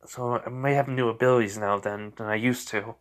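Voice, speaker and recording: Gruff alien symbiote, female, blunt, low-key flat read, a man doing the voice. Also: normal speed, natural voice.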